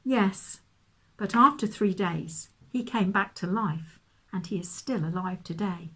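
A woman gently reading a children's Bible story aloud, with expressive storytelling. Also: mid-range voice, measured pace, husky.

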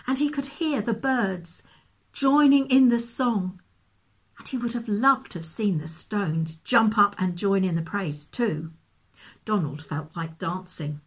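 With a mid-range voice, a woman gently reads a children's Bible story aloud, telling it expressively.

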